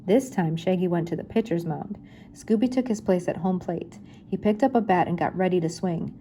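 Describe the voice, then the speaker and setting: An older woman reading a children's chapter book aloud in a gentle, unhurried storytelling manner. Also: fairly low pitch, slight background noise. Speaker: reader.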